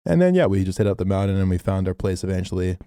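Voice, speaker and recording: A man's voice: low voice, fast, clear, resonant tone, dry recording, studio quality. A young man on a podcast, telling a story casually and swearing often. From Australia. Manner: animated storyteller, swears a lot. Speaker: podcast co-host.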